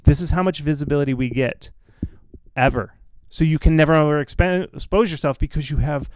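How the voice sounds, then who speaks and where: A man hosting a casual live Q&A, blunt and reassuring, often repeating himself with quick asides. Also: fairly high pitch, a little mellow, dry recording. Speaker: host answering viewer questions.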